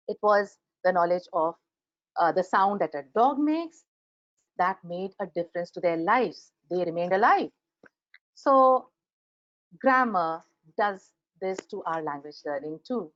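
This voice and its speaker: A woman's voice: lowish voice, highs cut off. A woman with an Indian English accent giving a grammar webinar lecture, acting out example sentences as she talks. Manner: animated, acts out example sentences. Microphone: computer microphone on a video call.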